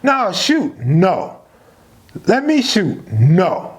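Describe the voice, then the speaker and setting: A man voicing his excitable, pushy male friend who urges him on at a dice table in street slang. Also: extremely high pitch, measured pace, gravelly, voice pushed up, exaggerated voice.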